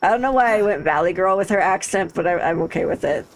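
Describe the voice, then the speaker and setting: A woman's voice: lowish voice, lively intonation, quick pace, poor audio. A woman livestreaming a game, chatting casually, thinking aloud and laughing easily into a desk microphone. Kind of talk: casual gaming commentary.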